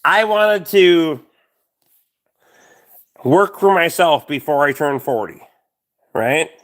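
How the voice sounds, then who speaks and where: Animated, stammering Canadian man. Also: on the high side, slow. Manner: stammering, excitable, laughs a lot. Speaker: live stream host. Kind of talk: casual chat.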